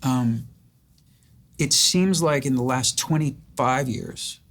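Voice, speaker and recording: A man's voice: mid-range voice, slow pace, a bit bright. An older man hosting an interview, asking long reflective questions that he builds up with stories of his own. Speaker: host. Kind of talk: interview conversation.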